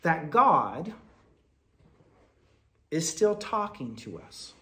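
A man delivering a Quaker sermon in a storytelling manner, moving between loud bursts and soft, low asides. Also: very animated, extremely slow. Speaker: speaker at a Quaker meeting.

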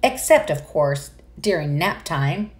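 A woman voicing a chirpy little yellow bird who is an eager teacher, speaking in a sing-song, exclamatory way. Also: deep voice, animated, slow pace. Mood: cheerful.

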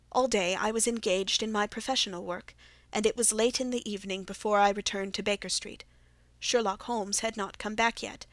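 A woman narrating a classic detective audiobook in a steady, even storytelling manner. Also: medium pitch, moderate pace, no room sound. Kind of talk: scripted narration.

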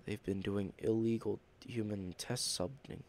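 A man's voice: lowish voice, fairly even intonation, normal speed, a little mellow, slight background noise. A man giving casual, self-deprecating commentary while playing a horror game. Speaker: gamer.

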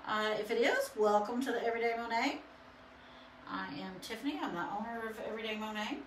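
A woman's voice: a little high, quick pace, slight background noise. A woman chatting casually through a live painting demo, rambling with lots of fillers. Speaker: painting instructor and studio owner. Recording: roomy echo.

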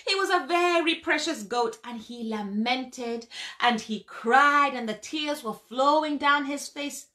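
A woman storyteller narrating a folk tale slowly and expressively, her fairly high voice bright and clear. She animates the telling with sound effects and vivid emphasis.

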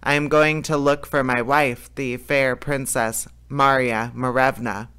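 A man reading aloud as an earnest young prince in a fairy tale, plain and heartfelt. The voice is bright and clear. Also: mid-range voice, little pitch movement, a little slow.

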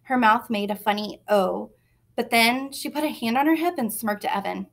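A woman reading a children's novel aloud in a lively, expressive way. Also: a little high, normal speed, gravelly. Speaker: reader. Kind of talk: storybook narration.

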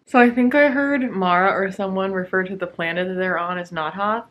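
A woman's voice: mid-range voice, a little fast, dull audio. A woman talking casually to her camera at home about a book she is reading, sarcastic, swearing freely and laughing often. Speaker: book vlogger. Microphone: camera mic.

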